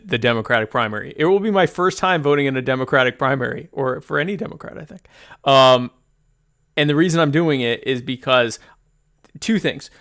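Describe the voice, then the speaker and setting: A man's voice: medium pitch, fairly bright tone, clear, resonant tone. A man co-hosting a podcast, chatting about politics animatedly, joking, with stammering restarts. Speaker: podcast co-host. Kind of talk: casual political chat.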